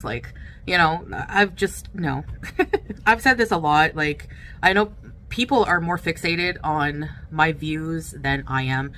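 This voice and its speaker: Hesitant woman with a bright voice. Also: sits low, slow, slight background noise. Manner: hesitant, filler-heavy. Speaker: content creator. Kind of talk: talking-to-camera vlog clip.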